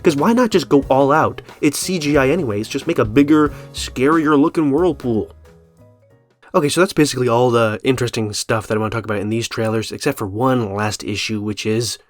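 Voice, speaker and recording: A man in the middle of the usual pitch range for a man, talking through a film trailer in a loose, conversational way. He hesitates often with ums and uhs, and faint music plays underneath his voice. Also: a little fast, no echo. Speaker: film commentator. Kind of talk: casual video commentary.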